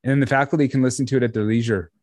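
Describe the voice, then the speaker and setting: A man co-hosting a podcast on trades teaching, talking in a relaxed, chatty way and laughing easily. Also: medium pitch, racing, no room sound. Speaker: podcast co-host, trades education developer. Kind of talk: casual conversational podcast chat.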